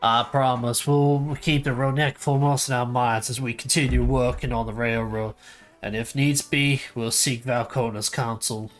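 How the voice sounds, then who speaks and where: A man doing an earnest frontier foreman with an exaggerated American accent. His voice sits at an ordinary mid pitch, with careful, deliberate phrasing. A quiet bit of music plays behind him. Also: flat delivery, lightly acted. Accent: stereotypical American, put on.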